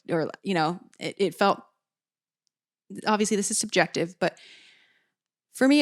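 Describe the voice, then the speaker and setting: A woman hosting a music podcast, talking through her views slowly and thoughtfully, with frequent restarts and careful qualifiers. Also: lowish voice. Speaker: podcast host. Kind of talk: reflective solo commentary.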